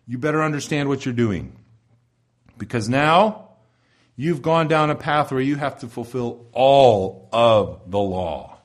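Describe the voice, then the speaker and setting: Emphatic male preacher. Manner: emphatic, wide swings in pitch and loudness, slows for key phrases. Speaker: pastor. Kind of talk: expository sermon.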